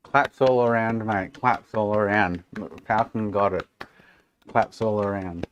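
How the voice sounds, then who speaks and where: A man's voice: on the low side, measured pace, muffled recording, slight background noise. Sweary Australian man streaming. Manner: sarcastic, swearing, chatty. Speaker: live streamer. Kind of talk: casual chat with viewers. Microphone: desk microphone.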